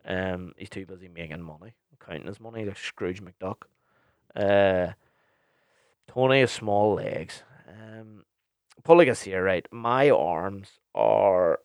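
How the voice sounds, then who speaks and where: A man's voice: sits low, no echo, clean studio sound. A young man, hosting a podcast and answering listener questions in a blunt, sweary, rambling way. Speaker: podcast host and DJ.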